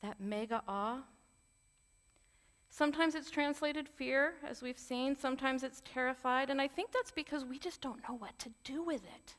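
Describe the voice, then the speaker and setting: A woman's voice: high-pitched, normal speed, a bit bright. A woman giving a sermon in an earnest, conversational way, with candid personal asides. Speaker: preacher. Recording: long hall reverb.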